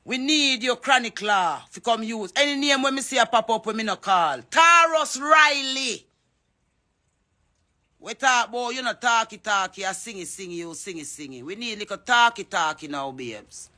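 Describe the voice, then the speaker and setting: A Jamaican reggae artist speaks out in an impassioned social media address, her mid-range voice brisk, pushed and bright with hardly any pauses. She's fervent, calling people out by name and mixing patois into her English.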